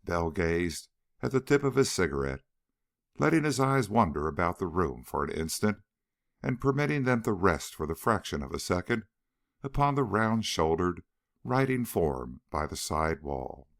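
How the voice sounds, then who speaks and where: Guy reading an audiobook, deep voice, lots of pitch movement, dry close sound. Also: very animated, normal speed, creaky, no echo. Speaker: audiobook narrator. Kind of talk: scripted narration.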